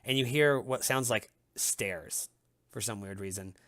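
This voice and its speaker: A man acts as game master for a tabletop game, narrating in a loose, casual way full of fillers. His voice is bright and clear. It sits dry and close, with no room echo. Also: lowish voice, a little slow.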